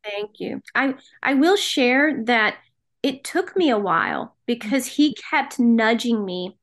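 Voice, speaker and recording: A woman's voice: on the high side, expressive, takes it slowly. A middle-aged woman from the American South, telling her personal story as a podcast guest in an earnest, emotional way. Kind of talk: personal testimony in an interview.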